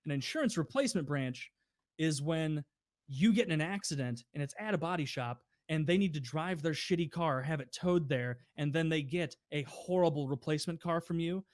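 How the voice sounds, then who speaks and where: A young man telling a casual podcast story, animated and swearing freely, acting out the people he quotes. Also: a little high, moderate pace, dry recording, studio quality. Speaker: podcast co-host.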